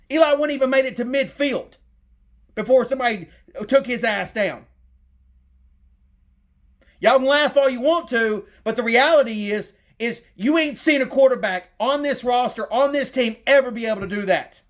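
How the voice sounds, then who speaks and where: A man's voice: very high voice, normal speed. A middle-aged man with a Southern accent delivering a heated, profane sports rant as a fan content creator.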